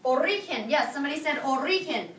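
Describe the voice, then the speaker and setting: High, bright teacher drilling her class. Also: expressive, fast, a little hiss or hum. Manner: drills students with call-and-response questions. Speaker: high school Spanish teacher. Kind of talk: classroom review lesson. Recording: echoey classroom from far off.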